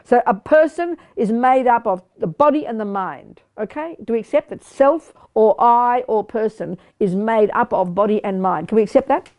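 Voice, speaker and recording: An older woman giving a lively Buddhist teaching to a live group, quizzing her listeners and talking bluntly and playfully. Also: on the high side, normal speed, hardly any pauses. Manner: animated, questioning the audience, blunt and playful. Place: meditation study group hall.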